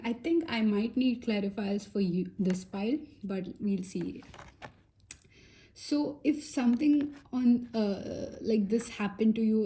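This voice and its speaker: A woman giving a casual pick-a-pile tarot reading, chatty and reassuring, full of fillers and soft asides. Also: medium pitch, a little hiss or hum. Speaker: tarot reader.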